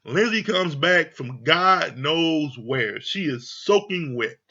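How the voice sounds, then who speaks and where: A man with a somewhat high, bright and husky voice rambles through a reality TV recap in casual, profane commentary. He laughs often and swears freely. The recording is a little dull and lo-fi. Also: lively intonation, takes it slowly. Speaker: reality TV reviewer.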